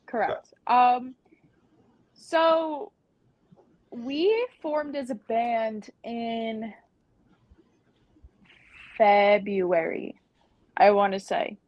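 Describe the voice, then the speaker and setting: A woman's voice: on the high side, very slow, long pauses, no echo, highs cut off. A woman, a band's singer, chatting casually as a guest on a podcast, with many ums and likes.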